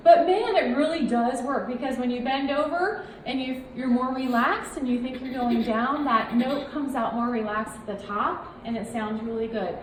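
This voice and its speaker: Young woman choir teacher, bit high voice, upbeat and coachy, echoey room with some music behind. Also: normal speed, hardly any pauses, slight background noise. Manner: upbeat, coaching, demonstrates by singing. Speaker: choir director. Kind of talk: choir warm-up instruction. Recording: roomy echo with choir in the background.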